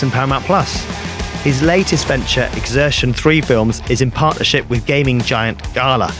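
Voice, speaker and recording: Male co-host, average pitch, even scripted intro read over clear guitar music.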